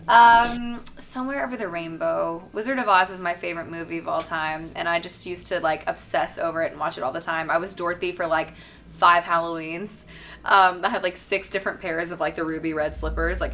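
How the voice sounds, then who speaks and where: A woman's voice: fairly low pitch, fairly bright tone, a little hiss or hum. A woman from Tennessee, a singer, reading out fan questions and answering them in a chatty, upbeat way with lots of "um" and "like". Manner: chatty and upbeat, many fillers like "um" and "like". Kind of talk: casual fan Q&A.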